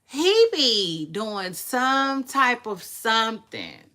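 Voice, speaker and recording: A woman hosting a casual celebrity gossip vlog, chatting to her viewers in a playful, drawn-out way with frequent asides. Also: a little high, big pitch swings, bright, forceful tone. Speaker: vlog host.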